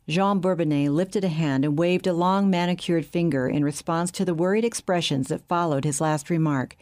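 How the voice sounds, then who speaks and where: A woman narrating an audiobook in a steady, measured reading. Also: on the low side. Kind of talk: scripted narration.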